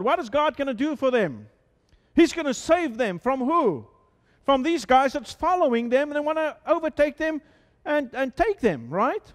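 A man preaching a sermon in a conversational style, full of repeated words and rhetorical questions, sometimes dropping to a soft, hushed voice. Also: very high-pitched, very animated, moderate pace, in a large hall. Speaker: pastor. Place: church sanctuary.

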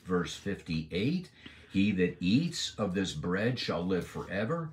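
A man giving a Bible lesson, stressing key words emphatically and drawing out scripture phrases slowly. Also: deep voice, big pitch swings. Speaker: Bible teacher.

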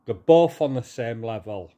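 A middle-aged man ranting angrily to his viewers, swearing, repeating himself and pausing to calm down. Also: medium pitch. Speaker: vlogger. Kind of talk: angry rant to camera.

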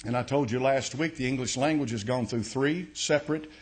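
Folksy pastor teaching a sermon. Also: male voice, mid-range voice, a little fast. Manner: folksy, explains step by step, many restarts and uh.

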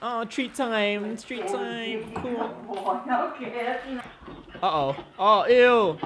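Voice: medium pitch, extremely slow, background noise. A reaction video host at home, commentating casually on funny clips, laughing often and chatting to their own dogs.

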